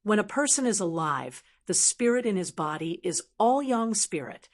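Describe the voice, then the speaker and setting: A calm, proud, wealthy necromancer knight, as a woman narrator puts him on. He speaks evenly and explains things patiently, in a fantasy audiobook read at a middle pitch. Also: normal speed.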